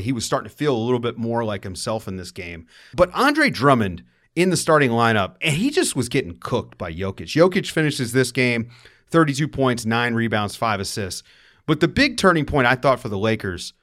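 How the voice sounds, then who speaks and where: A man's voice: mid-range voice, fairly bright tone. Upbeat male sports show host. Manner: upbeat, rapid run of stats and analysis. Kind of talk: casual sports talk.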